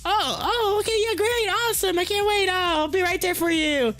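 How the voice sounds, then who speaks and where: A man faking a gushing falsetto woman caller. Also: fairly even intonation, moderate pace, fairly bright tone.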